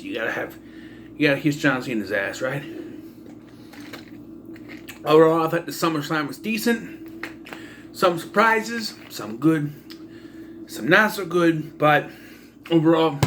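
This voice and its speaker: A man with a fairly high voice rants his way through a casual wrestling recap, sarcastic and quick to throw in mock-announcer flourishes. Faint room ambience hums behind him. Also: a bit bright, a little hiss or hum. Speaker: wrestling vlogger. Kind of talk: casual solo commentary.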